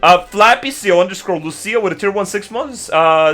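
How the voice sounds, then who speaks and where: Male game streamer, swears nonstop, agitated ranting, bright edge, fairly high voice, talking from home desk. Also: expressive. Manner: profane, swears constantly; agitated, fast ranting with loud outbursts. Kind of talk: casual live-stream rant to chat.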